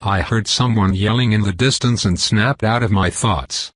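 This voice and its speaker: A man reads a first-person novel aloud in a steady, even way. His voice is husky and sits low. The recording is dry and close. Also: normal speed, dry recording. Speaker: audiobook narrator. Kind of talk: first-person audiobook narration.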